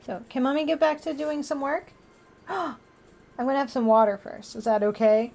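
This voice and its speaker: A woman's voice: high voice, moderate pace, gravelly, darkish tone. A young woman livestreaming, chatting with viewers and talking baby talk to her cat. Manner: playful baby talk to a pet. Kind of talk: casual chat with chat and her cat.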